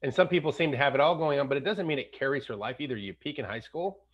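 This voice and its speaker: A man in his fifties hosting a casual podcast chat, animated, slipping into jokey accent impressions. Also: medium pitch, quick pace, highs cut off. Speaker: podcast host.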